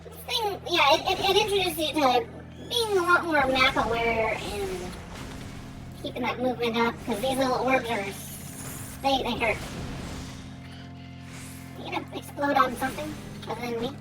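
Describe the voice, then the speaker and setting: A woman's voice: high voice, normal speed, pauses often, rough recording. A woman streaming a game, chatting casually and giggly as she plays. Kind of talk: casual gameplay commentary. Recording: game music playing underneath. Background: game music.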